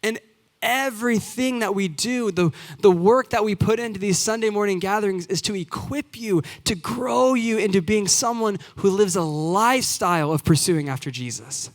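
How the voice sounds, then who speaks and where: Speaking at a moderate clip in a high-pitched voice, this man in his twenties serves as a youth pastor. His earnest sermon builds toward forceful, repeated lines. The church sanctuary adds a long, hall-like reverb.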